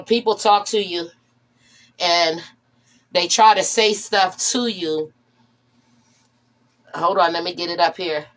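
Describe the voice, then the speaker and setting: A woman talking candidly to her viewers, her voice rising when she gets exasperated. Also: fairly low pitch. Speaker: vlogger. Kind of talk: casual monologue to camera.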